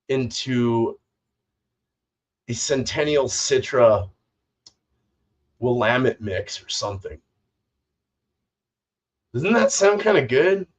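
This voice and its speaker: A man hosting a homebrewing livestream, chatting casually in a rambling, profane way. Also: mid-range voice. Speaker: homebrewing channel host. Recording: distant, dull lo-fi mic.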